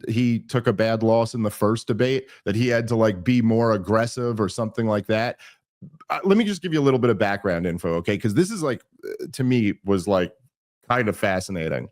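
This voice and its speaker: A man hosting a podcast, telling a story in casual chat, animated and full of restarts and mocking asides. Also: mid-range voice, normal speed. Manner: animated, mocking quoted voices, many restarts. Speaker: podcast host.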